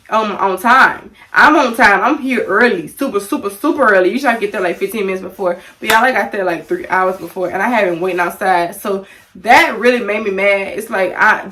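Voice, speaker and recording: A young woman from Louisiana tells a casual storytime to her viewers, animated and chatty, calling them y'all. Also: mid-range voice, fairly quick, recorded from a distance, poor audio. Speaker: vlogger.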